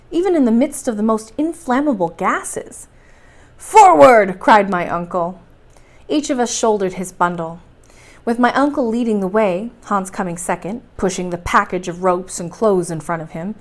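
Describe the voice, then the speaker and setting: A woman reading a classic adventure novel aloud as a bedtime story, in steady, clear narration. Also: mid-range voice. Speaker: library storytime reader.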